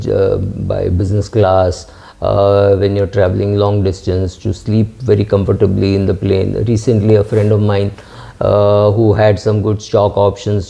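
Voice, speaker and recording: Answering viewers' questions from the comments on his finance channel, a middle-aged man talks in a casual, halting way with many fillers and restarts. He has a lowish voice with vocal fry and a warm tone, and the sound is dull and lo-fi.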